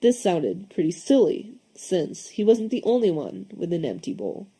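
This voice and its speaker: A young woman reading a children's storybook aloud, expressive, with lively voices for the characters. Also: on the low side, normal speed, husky. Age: young adult. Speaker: audiobook reader.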